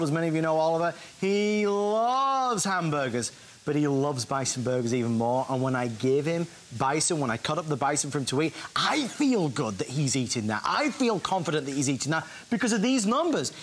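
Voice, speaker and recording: A man's voice: on the high side, expressive, fairly quick, slight background noise. A man in his thirties hosting a home shopping show, upbeat and pushing urgent sales patter. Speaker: show host.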